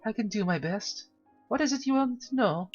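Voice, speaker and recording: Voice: medium pitch, lively intonation, normal speed, voice pushed up, close to an everyday voice. A cheerful, naive young cat lady tells her tale in a bouncy, sing-song way, voiced by a game player reading aloud. The recording is a little dull and lo-fi. Faint music plays underneath. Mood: chatty. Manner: bubbly, sing-song storytelling.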